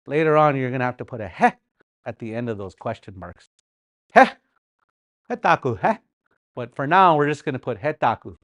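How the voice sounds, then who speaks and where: Teacher from Sioux Valley, lively sing-song delivery, dry close sound, paces while teaching and drills words. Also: medium pitch, a little fast, pauses often, dry recording. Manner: playful, repeats words for practice, chuckles often. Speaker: Dakota language teacher. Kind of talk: live language class. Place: classroom during a livestreamed class.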